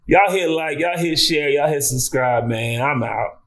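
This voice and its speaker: A man hosting an entertainment commentary vlog, talking casually in slang, swearing freely and breaking into sudden high-pitched exclamations and laughter. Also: fairly bright tone. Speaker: entertainment news host.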